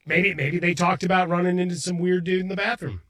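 Male co-host, slightly high voice, dry quick interjections. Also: fairly even intonation, fairly bright tone. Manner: dry interjections and short quips. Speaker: sports radio co-host. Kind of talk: casual on-air chat.

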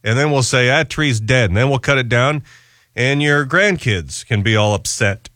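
A man's voice: normal speed, dry recording, clean studio sound. A man hosting a radio show, telling a story in casual chat and acting out other people's voices. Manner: animated storyteller, acts out squeaky voices. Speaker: radio host.

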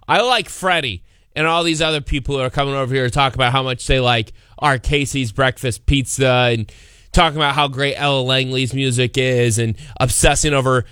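A man's voice: medium pitch, bright, forceful tone, clean tone, no room sound. A man co-hosting a casual talk show, joking with playful indignation. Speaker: co-host. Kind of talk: casual banter.

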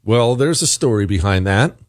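A combative male talk radio host whose pitch swings widely as he hammers his points. His voice is dry and close on a studio microphone, delivered in an emphatic, opinionated monologue full of rhetorical questions. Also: lively intonation, moderate pace, no echo.

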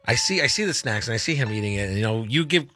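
A man's voice: mid-range voice, lively intonation, rapid-fire, bright, forceful tone, soft background music. A man co-hosting a radio show, talking in a playful, mock-earnest way during studio banter. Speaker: radio co-host. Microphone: studio mic.

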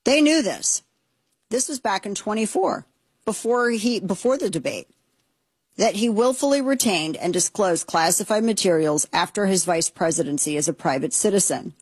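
A woman's voice: mid-range voice, lively intonation, moderate pace, breathy edge, no echo. A woman hosting a talk show, giving indignant, sarcastic commentary with plenty of emphasis. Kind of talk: opinionated commentary.

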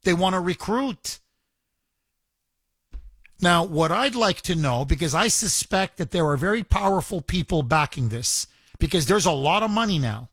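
A man hosting a call-in talk radio show, indignant and animated, repeating himself as he rants. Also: sits high, moderate pace, husky, dry recording, studio quality.

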